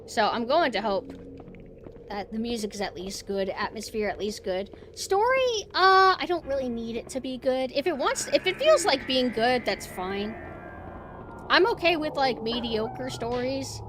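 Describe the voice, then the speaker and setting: A young woman streamer talks through her game in a bright, lively voice that jumps up and down in pitch. She is chatty and excitable, with a faint noise under her mic. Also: unhurried. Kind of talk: casual gameplay commentary.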